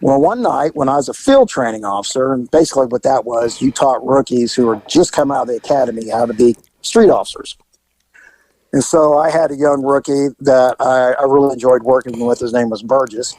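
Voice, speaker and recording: A man, a former police officer, telling lively stories on a podcast, laughing and acting out the voices. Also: mid-range voice, fairly quick, no room sound, rough recording. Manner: animated, laughing, acts out voices. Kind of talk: casual storytelling podcast.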